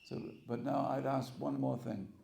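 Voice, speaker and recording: Speaking at medium pitch and normal speed, a man with a gravelly, reverberant voice gives a storytelling sermon. Before the audience in a temple hall, he animatedly plays out the characters.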